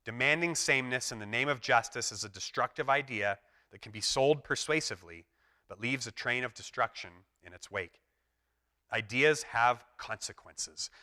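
A man's voice: medium pitch, sharp tone. A man preaching a sermon in an earnest, emphatic way. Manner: earnest, emphatic preaching that acts out quoted voices. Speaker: pastor.

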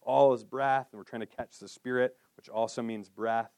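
A man preaching a sermon in an earnest way, dropping to a hushed voice on solemn lines and lifting for emphasis. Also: fairly even intonation, moderate pace, no echo. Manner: earnest, with drops to a hushed low voice and lifts for emphasis. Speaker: pastor.

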